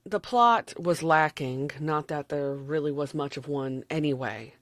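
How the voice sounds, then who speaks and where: A woman's voice: sits low, slow, fairly bright tone, no echo. Southern woman, 30s, casual movie reviewer, meandering and frank, dry close sound. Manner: rambling, candid, chuckles often.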